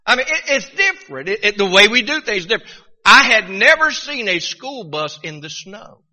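A man's voice: sits high, bright, forceful tone, big-room sound. A middle-aged man from Virginia with a Southern accent, preaching a folksy sermon and often repeating his first words as he starts a sentence. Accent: Southern American. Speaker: pastor.

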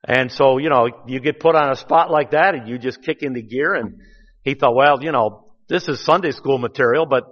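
A man's voice: medium pitch, moderate pace. Folksy preaching man in a reverberant church. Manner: folksy preaching, rising to emphatic bursts. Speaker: pastor. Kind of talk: sermon. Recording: dull sound with long church reverb.

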